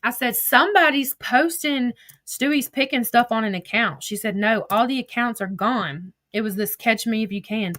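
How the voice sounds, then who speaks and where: A woman's voice: on the high side, moderate pace, fairly bright tone, no echo. A woman telling a story in a casual way, reading out old text messages with blunt, profane asides. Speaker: commentator recounting drama.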